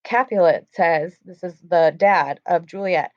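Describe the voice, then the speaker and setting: A woman with a slightly low voice teaches a class in a relaxed, chatty way. She reads lines aloud and then retells them in everyday words. The recording is dry and a little dull. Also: a little slow, hardly any pauses, no room sound. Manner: casual, chatty explanations with reading aloud. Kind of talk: classroom lesson, reading and paraphrasing a play.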